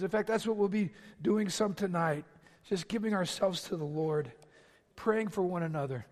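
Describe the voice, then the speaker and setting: A man's voice: high voice, moderate pace, darkish tone. A man preaching a sermon as pastor, with impassioned, emphatic repetition. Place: large church sanctuary. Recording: long reverb of a large hall.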